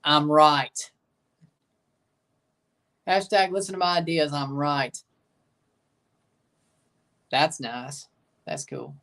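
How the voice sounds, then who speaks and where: A woman hosting a live football watchalong, chatting casually and giving strong opinions, breaking into excited shouts at big moments. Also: low-pitched, drawn-out words, pauses often. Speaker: watchalong host. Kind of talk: live match reaction commentary.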